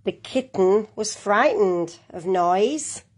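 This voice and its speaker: A storyteller reads a children's picture book aloud slowly and carefully, her medium-pitched voice husky, breathy and expressive. She keeps a gentle tone and occasionally turns to address her young listeners and viewers.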